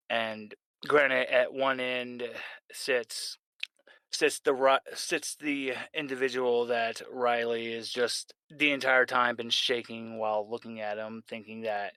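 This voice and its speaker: A man narrating a tabletop horror role-playing game as game master, in a rambling, animated way with frequent restarts. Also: mid-range voice, smooth, no echo, low-quality recording. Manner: rambling, animated, self-correcting.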